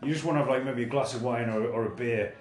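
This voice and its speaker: A man's voice: mid-range voice, quick pace, reverberant. A man co-hosting a casual podcast, sweary and self-mocking, often restarting his sentences. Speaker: podcast co-host. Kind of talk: casual chat.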